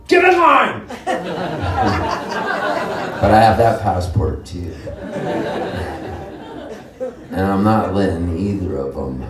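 A Canadian-born singer-songwriter chatting and telling jokes to a live audience between songs. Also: male voice, a bass voice. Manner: joking, chatty storyteller. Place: live music venue. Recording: roomy live room, distant mic, guitar under speech.

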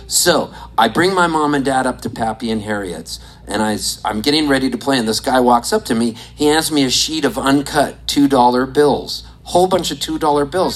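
A performer on stage telling a rambling, excitable story, often breaking into laughter. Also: mid-range voice, moderate pace, few pauses, poor audio. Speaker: comedian and musician on stage. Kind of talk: stand-up storytelling. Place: on stage at a desert venue.

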